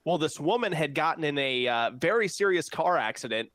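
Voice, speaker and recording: A man's voice: on the high side, expressive, fairly quick, fairly bright tone, no room sound. A man hosting a podcast, telling stories and leading the talk in a laid-back, slangy way. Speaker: podcast host. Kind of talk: casual banter.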